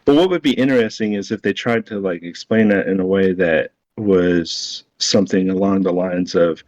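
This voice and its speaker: A man with a very low voice co-hosting a game-lore podcast. He talks in a loose, speculative way and often answers his partner with a quick "yeah.". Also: a little mellow, rough recording. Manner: thoughtful, speculative, short agreeing replies. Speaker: podcast co-host. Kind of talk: casual chat.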